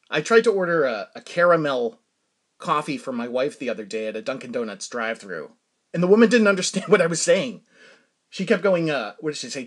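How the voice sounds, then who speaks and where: A man's voice: a little high, big pitch swings, fairly quick, breathy edge. A middle-aged man from Massachusetts hosting a podcast, telling rambling stories in casual chat and laughing often. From Massachusetts, USA. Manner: rambling storytelling with frequent laughs. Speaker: podcast host. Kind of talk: casual solo monologue.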